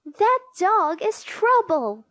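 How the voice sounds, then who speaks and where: A cheeky little girl from a storybook, bossy and quick to scold, voiced by a woman reading aloud. Her voice jumps high above the narration. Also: expressive, darkish tone, no room sound.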